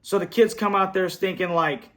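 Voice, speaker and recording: Sitting high in pitch and a little bright, this man talks at a moderate pace. He's a fan show host recording on his computer at home, venting his frustration over a loss in a blunt, repetitive post-game rant.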